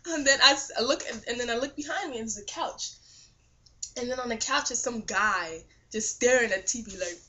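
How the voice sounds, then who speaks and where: Bright, animated young woman vlogger. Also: on the high side, a little fast. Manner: animated, laughing, lots of "like". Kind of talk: casual storytelling.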